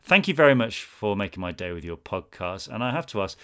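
Friendly podcast co-host. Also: male voice, lowish voice, very animated, a little fast, pushed and bright, clean tone. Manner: friendly, reads listener questions. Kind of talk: casual podcast chat.

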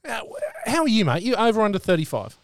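A man's voice: sits high, huge pitch swings, fast talker, vocal fry, no room sound, studio quality. A man hosting a casual, enthusiastic film chat. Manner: enthusiastic, chatty. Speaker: podcast host.

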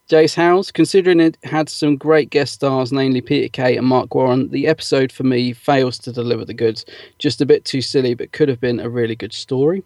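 A man's voice: medium pitch, steady tone, a little fast, a little mellow, no room sound, clean studio sound. A man co-hosting a podcast, casually reading out listener comments with lots of fillers and easy laughs. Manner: chatty, filler-heavy, laughs easily. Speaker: podcast co-host.

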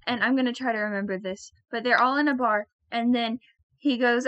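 Excitable young woman, high voice. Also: brisk, dry recording. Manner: excitable, rambling storyteller. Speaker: podcast guest. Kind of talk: casual chat. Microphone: video call.

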